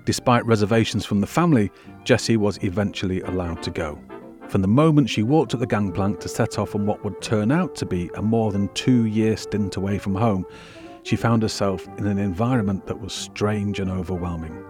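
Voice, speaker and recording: A man hosting a history podcast, telling the story in measured, wry scripted narration. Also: lowish voice, music in the background. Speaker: podcast host.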